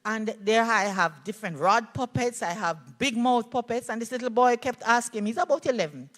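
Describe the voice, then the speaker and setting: A woman's voice: on the high side, animated, fast talker, few pauses, fairly bright tone. A middle-aged woman with a Jamaican accent, a play therapist presenting a conference workshop, telling stories animatedly and checking in with her audience.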